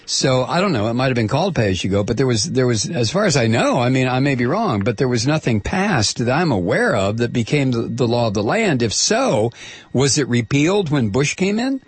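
Husky-voiced male talk radio host. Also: medium pitch, no echo. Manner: halting with many fillers in chat, steady and pointed when reading. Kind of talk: call-in talk radio, reading an essay aloud.

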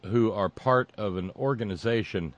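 A man with a fairly low voice hosts a sarcastic political monologue. He wanders through his points with fillers and restarts and keeps a mocking edge. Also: normal speed, no room sound, muffled recording. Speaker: political commentary host.

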